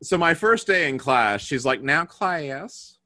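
Man, bright voice, lively pitch, dry sound, storyteller who acts out voices. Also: normal speed, no room sound. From England and Spain, raised partly in the UK. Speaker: panel guest. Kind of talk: casual storytelling.

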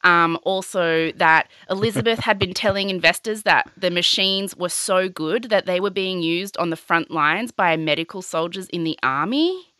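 Young woman, podcast host, casual storytelling, bright tone, lots of "like", dry close sound. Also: lowish voice, normal speed, few pauses, smooth, no echo. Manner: chatty, sweary, heavy on filler "like".

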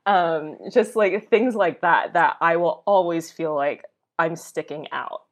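A young woman, a travel blogger, chatting casually as a podcast guest, full of fillers and quick to laugh. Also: lowish voice. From United States. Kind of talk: casual conversation.

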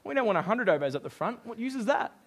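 A young Australian pastor preaches a sermon in a high-sitting voice, talking fast. He's jokey and animated, acting out the voices of people he quotes.

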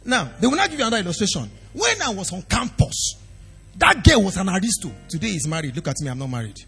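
A man preaching a sermon as pastor, swinging from quiet asides to shouted emphasis. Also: high-pitched, very animated, fast, breathy edge. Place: church hall. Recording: long reverb of a hall with faint music.

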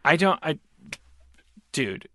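An animated man in loose podcast banter, his pitch leaping around as he trips over restarts and swears freely. His voice is bright and forward, recorded close and dry with no room sound. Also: slow, no room sound. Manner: excitable, stammering restarts, profane. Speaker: podcast co-host. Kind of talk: casual podcast chat.

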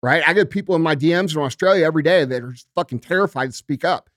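A man ranting as a podcast guest, profane and forceful. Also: fairly high pitch, racing, no room sound, clean studio sound. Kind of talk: heated podcast rant.

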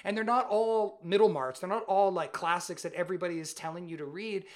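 A podcast co-host in casual chat, rambling excitedly with many "like"s and restarts. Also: medium pitch, brisk. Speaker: parent.

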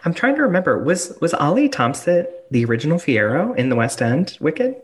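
A woman's voice: low voice, big pitch swings, a little fast, breathy edge. A woman hosting a podcast interview, enthusiastic and gushing about musicals. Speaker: podcast host. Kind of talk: casual interview chat.

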